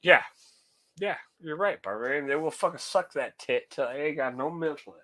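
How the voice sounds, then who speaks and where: Bright-voiced man ranting profanely. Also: on the high side, moderate pace, dry recording. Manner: profane, heated, talks to chat. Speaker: streamer. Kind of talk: casual ranting monologue.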